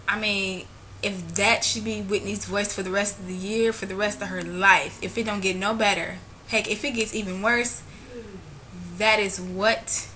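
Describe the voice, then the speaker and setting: A woman talking straight to camera in a casual vlog, gushing and excitable, drifting into preachy church talk. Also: medium pitch, a little hiss or hum. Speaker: vlogger.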